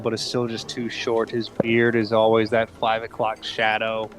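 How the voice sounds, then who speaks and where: A man narrating a tabletop game as game master, in a relaxed way with many fillers. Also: fairly low pitch, moderate pace, few pauses, soft background music.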